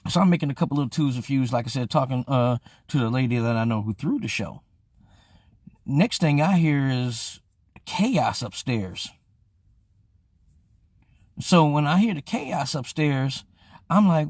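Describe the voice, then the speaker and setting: With vocal fry and long pauses, a young man speaks unhurriedly in a mid-range voice, captured in a dry, studio-quality recording. Hosting his live-streamed show, he tells a casual, profane story, performs all the voices, and greets viewers along the way.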